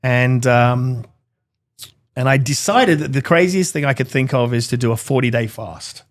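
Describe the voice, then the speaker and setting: A middle-aged man from Britain, a guest in an interview, telling a personal story in an earnest, animated way and acting out the dialogue in it. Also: medium pitch, moderate pace.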